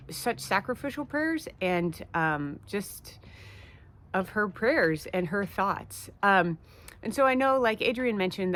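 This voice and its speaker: A woman's voice: lowish voice, slight background noise. Woman pastor telling a personal story. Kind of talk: devotional video talk.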